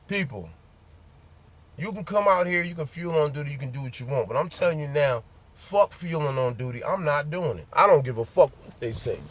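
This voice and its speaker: A truck driver with a voice on the high side rants bluntly and profanely in a casual vlog, speaking straight to his viewers and repeating his points.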